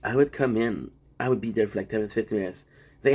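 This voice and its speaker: A man streamer talking in a casual vlog monologue, rambling and profane, telling stories in an animated way. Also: mid-range voice, quick pace.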